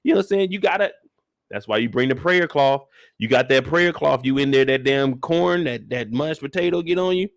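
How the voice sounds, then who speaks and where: A man hosting a casual live after-show discussion, ranting comedically with heavy slang and swearing, and jumping into loud voices for the people he quotes. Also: mid-range voice, a little fast, gravelly. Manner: animated, comedic rant with lots of slang and swearing. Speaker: show reaction host.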